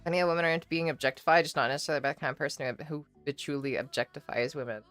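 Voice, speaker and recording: A woman livestreaming, chatting casually with her viewers and answering their messages in a relaxed, shy, giggly way with plenty of swearing. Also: sits low, rapid-fire, soft background music. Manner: reads and answers chat messages. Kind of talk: casual chat with stream viewers.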